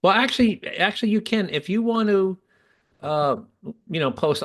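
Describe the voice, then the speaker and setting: A man with a high-sitting voice hosts a podcast, speaking animatedly at a moderate pace. He's chatty and casual, often restarting sentences as he explains things.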